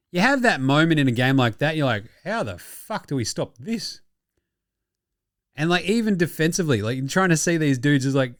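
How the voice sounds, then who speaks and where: A young Australian man hosting a podcast, excitable and slangy, swearing freely in casual sports chat. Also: mid-range voice, no echo, studio quality. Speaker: podcast host.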